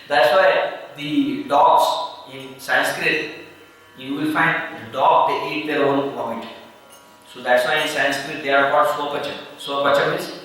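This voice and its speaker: Give me a man teaching a relaxed devotional class, bright and slightly high, heard from afar in a very echoey temple hall. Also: slow, distant mic, soft background music. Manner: conversational, with frequent fillers and chuckles.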